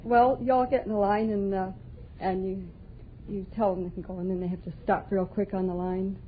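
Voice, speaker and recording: A woman's voice: mid-range voice, steady tone, normal speed, phone-quality sound, slight background noise. A young woman, a giggly, hesitant contestant on a radio quiz. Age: young adult. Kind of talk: unscripted chat on a radio quiz. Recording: old radio broadcast with loud studio audience.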